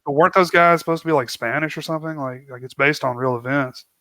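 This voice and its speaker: A man's voice: fairly high pitch, fast, sharp tone, no echo. A man co-hosting a movie podcast, laid-back, chiming in with short agreeing replies. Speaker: podcast co-host. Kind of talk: casual movie discussion.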